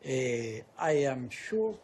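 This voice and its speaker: An older man with a French accent, a native French speaker, answering in halting, broken English while he searches for words. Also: medium pitch, sing-song, darkish tone, slight background noise. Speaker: comedian's father.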